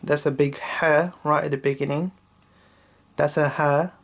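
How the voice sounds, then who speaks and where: A man teaching children to recite a Quran chapter, explaining letter sounds slowly and often checking in with "yeah?". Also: little pitch movement. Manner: slow, repetitive explaining with frequent checking "yeah?"; intones Arabic verses louder and higher when reciting. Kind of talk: patient recitation lesson for children.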